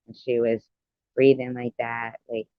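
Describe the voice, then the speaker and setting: A man's voice: mid-range voice, monotone, unhurried, no echo. Rambling heartfelt man, dull dry sound. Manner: rambling, heartfelt, full of "you know". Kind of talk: casual personal storytelling.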